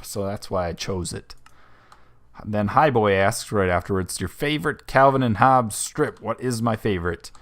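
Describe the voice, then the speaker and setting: A young man hosting casual video game commentary, answering viewer questions in a rambling, self-correcting, relaxed way. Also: sits low. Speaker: host.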